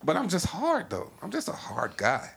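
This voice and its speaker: A man's voice: on the high side, huge pitch swings, moderate pace, creaky, fairly bright tone. Candid slang-talking podcast host, man. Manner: candid, rambling, street slang. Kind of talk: casual chat.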